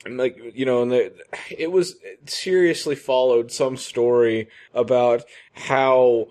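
A man in his thirties talking at an everyday, mid-range pitch. He tells a story in a loose, rambling way, circling back and starting his sentences over on a casual comedy podcast. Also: a little slow, a little mellow. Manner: rambling, many fillers and restarts. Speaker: podcast co-host.

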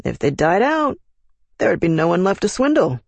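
A man's voice: on the high side, very animated, normal speed, gravelly, husky, dry recording, full character voice. A man voicing a roguish Roma uncle who jokes in a wry tone in a storybook narration. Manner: wry, joking.

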